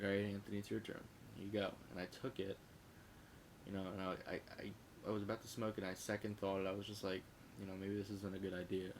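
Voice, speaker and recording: Young man, low voice, casual storytelling, rambling, profane, faint rumble behind. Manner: rambling, profane, self-correcting. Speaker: vlogger.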